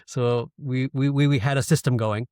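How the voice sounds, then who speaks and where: A man's voice: mid-range voice, steady tone, moderate pace, a little mellow, no room sound, studio quality. A man from Canada, a podcast guest in his thirties, candidly telling an emotional personal story and swearing now and then. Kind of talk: casual storytelling interview.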